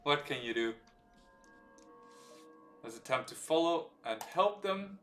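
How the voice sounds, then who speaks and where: A man streams a strategy game live, explaining its mechanics and thinking aloud as he plays. He sounds relaxed and hesitant, with lots of filler words, and his voice is a little high and slow. The distant mic gives a roomy sound, with faint music behind him.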